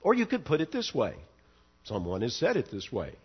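A man's voice: medium pitch, wildly swooping pitch, normal speed, slightly rough, highs cut off. A male pastor preaching an expository sermon, earnest and emphatic, pushing up on key words to stress them.

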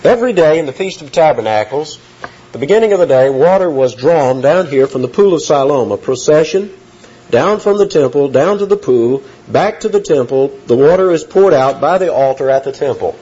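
A man's voice: a little high, animated, a little fast, mellow, breathy edge. A man preaching an expository sermon in an earnest teaching tone, rising in emphasis on key phrases. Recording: dull lo-fi recording.

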